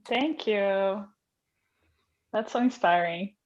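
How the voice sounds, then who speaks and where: A woman's voice: medium pitch, slow, dull audio. A woman hosting a casual panel over a video call, welcoming each guest in turn. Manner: warm, welcoming, a little emotional. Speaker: panel host.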